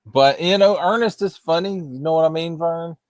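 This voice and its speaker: A man's voice: fairly high pitch, normal speed, dry recording, studio quality. A man chatting casually as a panel guest in an offhand, laid-back way. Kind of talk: casual chat.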